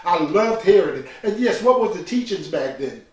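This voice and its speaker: Calling his audience brothers and sisters, an older man from New York preaches his personal testimony in an emphatic, repetitive way. The high-pitched voice is a little mellow, with lively intonation and a moderate pace. It's captured from a distance in a very echoey space.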